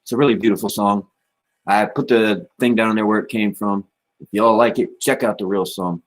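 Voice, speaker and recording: A man's voice: fairly low pitch, fairly even intonation, normal speed. A man hosting a casual livestream, talking in a laid-back, rambling way and dropping "man" and "you know" often. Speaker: livestream host.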